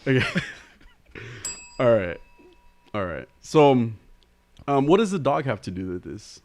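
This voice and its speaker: A man co-hosting a podcast in an easygoing chat. His pitch rises and falls widely as he goes. He laughs often and stumbles through fillers and restarts as he hunts for the right words. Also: very animated, unhurried, a little mellow. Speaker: podcast co-host. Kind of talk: casual chat.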